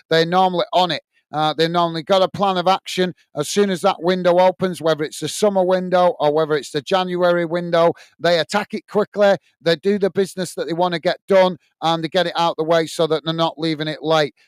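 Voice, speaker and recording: Male British livestream host, chatty, lots of fillers; higher voice, clear tone. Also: steady tone, a little fast, dry recording. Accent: British English. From United Kingdom. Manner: chatty, many fillers and restarts, friendly asides to viewers. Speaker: host of a football fan livestream. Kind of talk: casual live chat reading viewer comments.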